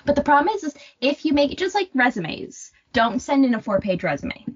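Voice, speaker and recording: A woman's voice: high-pitched, big pitch swings, a little fast. A young woman co-hosting a podcast in casual chat, opinionated and rambling with jokes. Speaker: podcast co-host. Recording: dull lo-fi sound.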